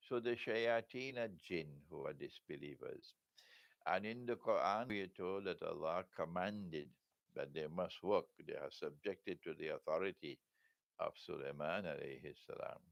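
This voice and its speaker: A man's voice: sits low, gravelly, no room sound, highs cut off. An older man giving a religious lecture as an Islamic scholar, asking rhetorical questions and chuckling often.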